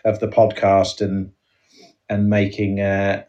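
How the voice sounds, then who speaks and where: Host, rambling casual chat, a bit off-mic, dull lo-fi sound. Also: male voice, fairly low pitch, monotone, darkish tone, far from the mic. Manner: rambling, halting restarts. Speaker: podcast host. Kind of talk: casual comedy podcast chat.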